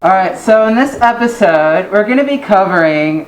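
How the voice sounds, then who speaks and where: A woman's voice: mid-range voice, expressive, moderate pace. A woman hosting a casual chat with a playful, punning manner. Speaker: host. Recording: echoey room with faint music.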